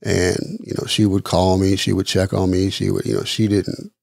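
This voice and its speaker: A middle-aged man from the Midwest of the United States, telling his personal story as a podcast guest in an earnest, halting way, repeating words as he goes. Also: low-pitched, little pitch movement, vocal fry, a little mellow, no echo, studio quality. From East Chicago, Indiana. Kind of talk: personal testimony interview.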